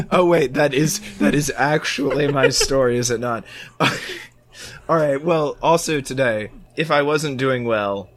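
Guy hosting a podcast with a head cold, croaky and hoarse, playful and a bit theatrical. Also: mid-range voice, slow pace. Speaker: podcast host. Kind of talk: casual podcast chat.

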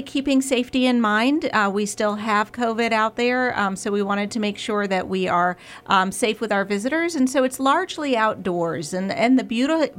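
A woman's voice: medium pitch, a bit bright. A woman speaks as a radio guest, with a voice in the middle range. She sounds eager and friendly and fills her sentences with ums and restarts. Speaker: radio guest, museum marketing director. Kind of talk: casual radio interview.

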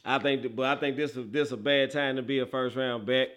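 Excitable Southern man from Memphis. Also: medium pitch, brisk. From Memphis, Tennessee. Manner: excitable, exclaims and laughs often. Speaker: sports show host. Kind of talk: casual sports talk.

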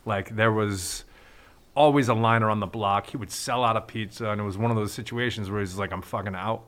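A man's voice: lowish voice, fairly even intonation, brisk, a bit bright. A man, a restaurant owner, talking casually on a podcast, laid-back, with many fillers and some swearing.

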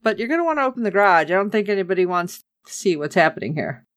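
A woman's voice: medium pitch, sing-song, rapid-fire, no room sound, clean studio sound. A woman chatting casually as a podcast co-host, recapping a TV episode with sarcasm and acting out the characters' lines.

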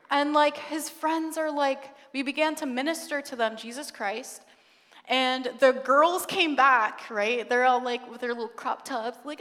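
A young woman shares a testimony from the pulpit, fairly high-pitched and lively, acting out the voices of people in her story. Her voice rings through a church hall with a long reverb tail. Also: a little slow. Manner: animated storytelling, acts out quotes, laughs often. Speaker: guest speaker. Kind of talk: sermon testimony. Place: church sanctuary.

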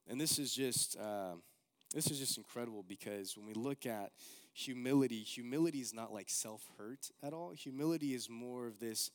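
A man's voice: medium pitch, normal speed. A young man preaching a casual, earnest sermon, peppering his talk with "like.". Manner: casual, earnest, heavy use of like.

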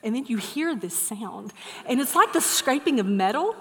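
A middle-aged woman preaching, her voice sitting a little high for a woman. She swings from animated storytelling into soft, earnest urging. Long reverb trails her words around a large hall. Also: normal speed. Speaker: pastor. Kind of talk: sermon.

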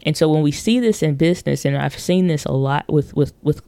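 Gravelly-voiced woman rambling on a podcast. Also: low voice, brisk, mellow, dry recording. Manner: rambling with many fillers and restarts; acts out quoted voices in storytelling. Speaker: podcast host. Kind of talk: casual monologue on marketing.

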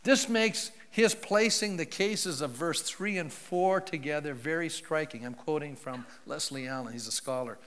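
Long hall reverb surrounds this pastor as he preaches, casually narrating a Bible story and quizzing the congregation. His voice sits a little high and fairly bright, moving at a moderate pace with hardly any pauses.

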